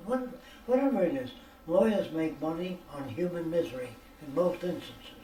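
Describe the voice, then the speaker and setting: An older American man with a slightly high voice gives blunt, salty stories, stopping to ask if you follow him. He sounds set back from the mic in an echoey room with faint ambience behind him. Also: animated, normal speed, hardly any pauses, dark tone, recorded from a distance, slight background noise. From United States. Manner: blunt and profane, keeps checking with "do you understand?". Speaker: speaker answering questions. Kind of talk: rambling lecture-style storytelling. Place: private room for a question session.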